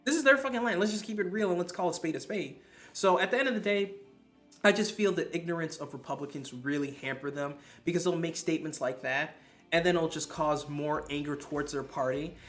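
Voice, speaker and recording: A man's voice: on the high side, fairly quick. Guy from the us ranting and cursing on a podcast, lots of swearing, bit of music in the back. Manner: profane, animated ranting. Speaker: podcast co-host. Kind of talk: casual political podcast chat.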